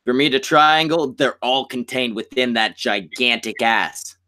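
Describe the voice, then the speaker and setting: A man co-hosting a show, reacting to videos with sarcastic, profane, deadpan insults. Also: medium pitch, unhurried, dry recording, studio quality. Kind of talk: crude comedic commentary.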